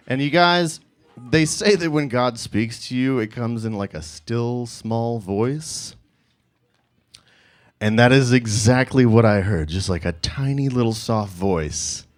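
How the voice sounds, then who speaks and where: A man in his thirties telling a comic personal story to a live audience, laughing through his lines as he mocks himself. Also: medium pitch.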